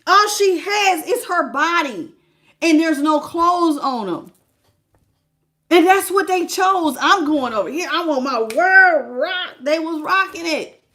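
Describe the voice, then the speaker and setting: Animated high-voiced woman reading tarot. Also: slow. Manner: animated, emphatic, repeats phrases, laughs often. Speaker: tarot reader. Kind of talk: live tarot reading, casual talk to viewers.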